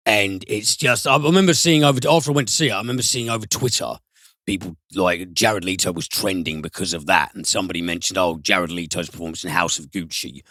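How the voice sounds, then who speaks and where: A man reviewing films on a podcast, animated and given to swearing and sudden high mimicry. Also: fast talker, no echo, clean studio sound. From United Kingdom. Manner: animated, swears, mimics voices with big pitch jumps. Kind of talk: casual podcast film review.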